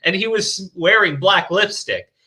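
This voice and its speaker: Man, very bright tone, lively pitch, laughing and crude, reading a story on stream. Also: measured pace. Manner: laughing, crude, hesitant restarts. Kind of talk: casual chat and mocking story reading.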